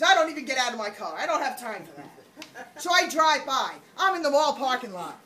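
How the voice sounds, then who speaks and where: A woman network marketing trainer giving a lively motivational talk on stage, acting out little scenes and laughing as she goes. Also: high-pitched. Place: event room on a cruise ship. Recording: roomy, from far off, light background noise.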